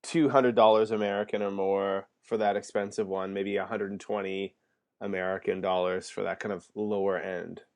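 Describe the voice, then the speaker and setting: A man's voice: deep voice, level tone, moderate pace, a little mellow. A middle-aged man from Canada hosting a casual podcast interview, chatty and rambling with many restarts. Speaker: podcast host.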